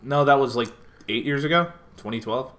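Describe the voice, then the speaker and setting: A man's voice: mid-range voice, normal speed, fairly bright tone. A man from Connecticut co-hosting a casual podcast chat, sarcastic and rambling, swearing often. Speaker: podcast co-host.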